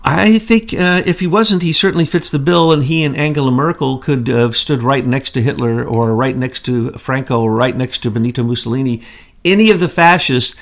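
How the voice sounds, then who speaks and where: An indignant man co-hosting a political talk show, his pitch sitting in an ordinary middle range. He fires off one rhetorical question after another in a heated, accusing commentary. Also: moderate pace, vocal fry. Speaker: co-host.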